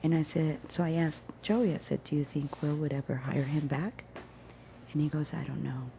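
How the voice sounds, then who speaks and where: A woman telling a personal story in a casual vlog, earnest and emphatic, often dropping to a hushed near-whisper. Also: sits low, fairly even intonation, moderate pace, slight background noise. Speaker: vlogger.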